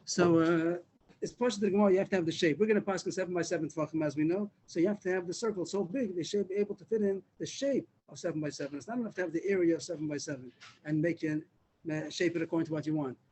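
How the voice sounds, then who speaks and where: A man leads a Talmud class over a video call, speaking quickly in a mellow, dark voice. He repeats words and restarts as he explains each step. A faint room hum sits behind him. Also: on the high side, poor audio. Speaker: Talmud teacher. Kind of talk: Daf Yomi class.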